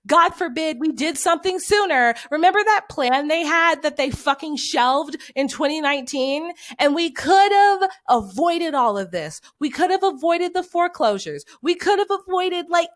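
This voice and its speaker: A woman's voice: high voice, animated, moderate pace, hardly any pauses, a bit bright. A woman in her twenties, a podcast co-host, delivering an angry, profane, exasperated rant in casual chat. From United States. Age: 20s.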